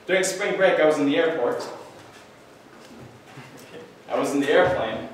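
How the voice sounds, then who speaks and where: A young man performing a stand-up comedy set, telling animated stories and shouting out quoted lines. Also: fairly high pitch, moderate pace, a little hiss or hum. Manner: animated storytelling with loud acted-out quotes. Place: event hall with a live audience. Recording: distant echoey hall recording.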